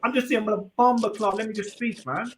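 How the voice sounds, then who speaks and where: A man's voice: sits high, steady tone, quick pace, very noisy. A man trading laughing, teasing insults in a casual stream chat. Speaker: stream guest.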